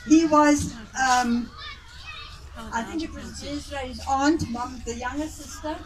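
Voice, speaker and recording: A woman's voice: sits high, fairly even intonation, slow, background noise. A woman with a South African accent telling family stories at a reunion, often laughing as she goes. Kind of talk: casual family storytelling. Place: outdoor family gathering. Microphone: phone recording from a distance. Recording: distant phone recording with chatter around.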